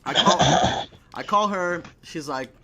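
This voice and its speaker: A man's voice: on the high side, takes it slowly, vocal fry, bright, forceful tone, slight background noise. A young man telling a story in a casual chat, swearing a lot and laughing between lines. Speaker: podcast guest.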